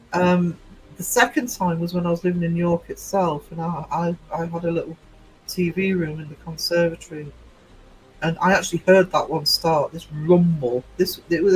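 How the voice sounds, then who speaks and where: A man's voice: on the high side, fairly even intonation, moderate pace, slight background noise, low-quality recording. A middle-aged man hosting a casual livestream, rambling chattily through stories and replies to his chat. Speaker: livestream host.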